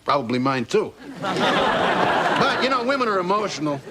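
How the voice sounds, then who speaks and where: A man's voice: sits high, big pitch swings, normal speed, a loud crowd, heavy background noise. An actor playing a crude, bitter middle-aged father in a sitcom, talking in a sardonic, scoffing way. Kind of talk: sitcom acting. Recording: sitcom audio with loud studio laughter. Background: audience laughter.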